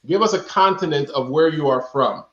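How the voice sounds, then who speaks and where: Hosting a live online show, a man with a somewhat high, slightly bright voice playfully quizzes his guest at a brisk pace. He calls out guesses from the chat and repeats questions to it, and the lo-fi audio sounds dull and echoey.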